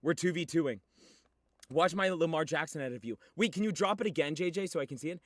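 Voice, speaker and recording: A young man livestreaming, chatting casually with viewers in an excitable, teasing way with sudden shouts. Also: fairly high pitch, fairly quick, dry recording, clean studio sound.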